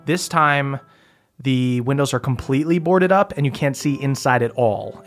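A man narrating as dungeon master in a mid-pitched, everyday voice. He describes scenes at an easy, drawn-out pace and laughs often. His manner is relaxed and plainspoken. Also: faint music behind. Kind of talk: narrating a tabletop game.

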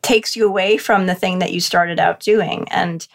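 Middle-aged female podcast guest, low gravelly voice, candid and self-deprecating. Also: fairly even intonation, moderate pace. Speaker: podcast guest, freelance marketer. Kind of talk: casual podcast interview.

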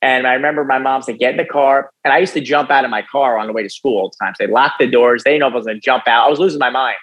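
A young man speaks as a podcast guest, recounting his life story in a loose, conversational way. He keeps it animated and casual, tossing in "dude" and "right?" as he goes. His voice sits in an ordinary middle pitch. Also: rapid-fire, poor audio. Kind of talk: personal storytelling in an interview.

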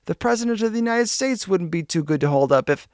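A man voicing a rough, hardened robber and drunk who speaks with passion. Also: fairly high pitch, normal speed, a bit bright, no room sound, clean studio sound. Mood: threatening.

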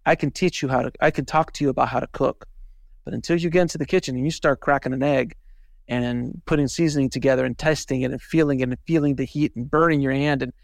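In a casual podcast interview, a man who is a podcast host and filmmaker appears as a guest, telling stories animatedly and acting out the voices he quotes. His medium-pitched voice is creaky and steady in tone, and he talks fast. The recording is dry and studio quality.

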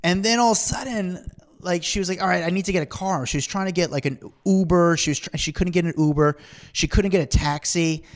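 A man co-hosting a podcast, telling rambling, animated stories in casual chat and acting out what people said. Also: high-pitched, a little fast. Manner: rambling, animated, acts out quotes. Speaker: podcast co-host.

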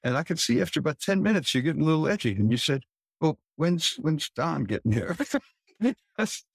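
A man with a husky voice at a middle pitch recalls studio days as a guest. His delivery is relaxed and reflective. The sound is dry and close. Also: fast talker, no room sound. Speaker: guest, record producer. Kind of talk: casual interview.

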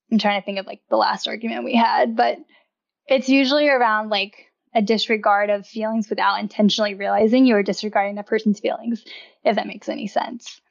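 A young woman chats as a podcast guest, rambling warmly with constant "like" fillers and frequent laughter. Her voice sits a little high. The recording sounds slightly dull and muffled. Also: steady tone, normal speed, creaky. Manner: chatty, laughs often, heavy use of "like". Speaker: podcast guest, wellness writer. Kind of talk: casual interview chat.

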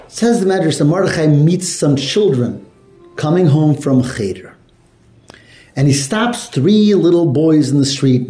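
Guy giving a torah class, high mellow voice, lively storytelling, echoey classroom. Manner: animated, asks the class questions, mixes Hebrew and Yiddish terms. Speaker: Torah teacher.

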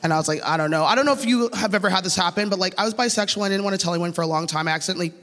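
A woman from Canada performing a stand-up set, telling stories in an animated way and acting out the voices she quotes. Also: mid-range voice, racing, a little hiss or hum. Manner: animated, acts out quoted voices, laughs through lines. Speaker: stand-up comedian. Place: comedy stage. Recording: reverberant stage sound with long echo.

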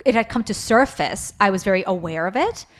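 A woman in her thirties co-hosting a podcast, telling a family story in a casual, animated way. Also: medium pitch, a little fast. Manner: animated storyteller, acts out quoted voices. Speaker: podcast co-host.

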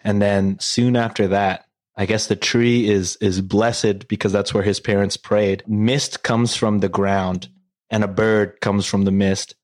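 A man's voice: fairly low pitch, little pitch movement, a little slow, a little mellow. A man casually retelling a story to friends, rambling and profane, full of fillers and jokes.

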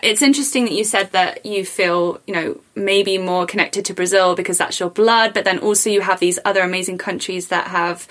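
A woman's voice: medium pitch, fairly quick, hardly any pauses. Chatty woman hosting an interview. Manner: warm, chatty and enthusiastic, laughs often. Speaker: podcast host. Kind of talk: casual interview chat.

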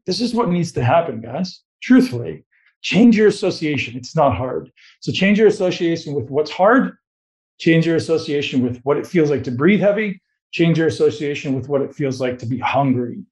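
A man's voice: fairly high pitch, lively intonation, fairly quick, a little mellow. A man giving a blunt, motivational coaching talk to a live group, swearing freely and firing questions at the room. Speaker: host giving a talk on fat loss.

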